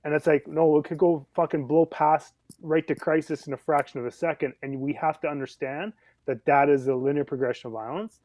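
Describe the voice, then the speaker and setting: A man's voice: fairly high pitch, steady tone, fairly quick, a little mellow, no echo. A man on a podcast giving his view bluntly, swearing and checking that the others agree. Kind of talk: casual podcast discussion.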